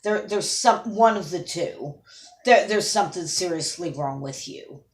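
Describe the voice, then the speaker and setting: Her voice is on the low side and animated, and she keeps a measured pace while scolding her camera audience. The vlog is an angry, occasionally tearful rant, recorded with a roomy echo.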